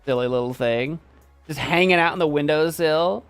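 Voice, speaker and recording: A man's voice: on the high side, normal speed, smooth, faint music behind. A man hosting a stream, casually and playfully commenting on viewers' pet photos and laughing often. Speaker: streamer host.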